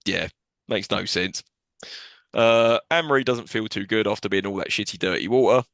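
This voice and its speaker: A man's voice: lowish voice, moderate pace, vocal fry, fairly bright tone, no echo. Male co-host, sarcastic recap chatter, dry sound. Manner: swearing, recaps plot with sarcastic asides and jokey quoted voices. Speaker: podcast co-host. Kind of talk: casual film recap chat.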